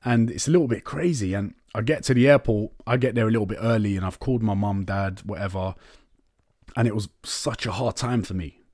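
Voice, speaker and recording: A man's voice: lowish voice, a little fast, a little mellow, dry recording, studio quality. A young man hosting a podcast, telling a personal story in a candid, chatty way. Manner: candid and chatty, swears and says "innit, man". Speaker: podcast host. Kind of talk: casual storytelling monologue.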